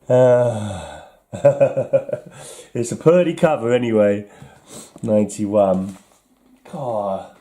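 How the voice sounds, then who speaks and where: A man's voice: fairly low pitch, expressive, drawn-out words, long pauses, warm tone. An English man in casual vlog talk, wryly chuckling and mocking himself as he sorts through his comics. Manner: wry, chuckling, self-mocking. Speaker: comic collector vlogger.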